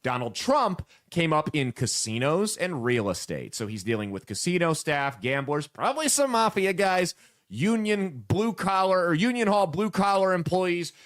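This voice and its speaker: A man's voice: high-pitched, big pitch swings, normal speed, a bit bright. A man from the American Midwest delivers casual political commentary in a blunt, sarcastic way. His voice rises and falls a lot as he talks.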